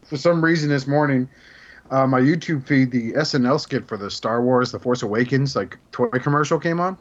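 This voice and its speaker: A man's voice: mid-range voice, moderate pace, highs cut off. A man hosting a casual podcast, joking and teasing his co-hosts. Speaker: podcast host. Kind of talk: casual chat.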